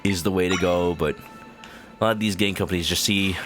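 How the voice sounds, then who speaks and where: A young man streaming a game, chatting casually in a goofy, rambling way with sudden high silly yells. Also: steady tone, fairly quick. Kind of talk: casual gameplay commentary. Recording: game music under the voice.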